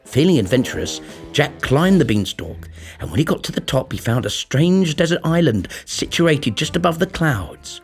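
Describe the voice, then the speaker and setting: Animated male fairy-tale narrator. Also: a little high, moderate pace, soft background music. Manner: animated, playful. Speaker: storybook narrator. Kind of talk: expressive storytelling narration.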